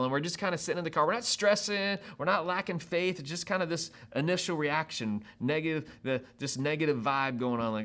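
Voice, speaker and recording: Male pastor, lively sermon delivery, a bit high, plays out reactions. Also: fairly quick, few pauses. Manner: animated, acts out quoted reactions with laughs.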